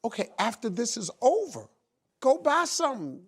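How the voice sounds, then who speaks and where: A man hosting a talk show, joking and teasing guests in loud comic bursts before a live audience. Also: extremely high pitch, big pitch swings, normal speed, gravelly, breathy edge. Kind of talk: audience Q&A banter. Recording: live studio crowd, background noise.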